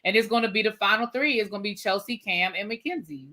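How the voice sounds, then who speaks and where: A woman's voice: mid-range voice, fast, bright, forceful tone. A woman co-hosting a casual podcast chat, explaining things step by step. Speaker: podcast co-host.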